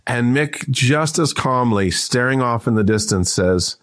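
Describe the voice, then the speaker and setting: A man in his fifties, a guest on an interview, telling anecdotes in a lively, restart-heavy way. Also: medium pitch, a little slow, few pauses. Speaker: guest, entrepreneur and author. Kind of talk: casual interview storytelling.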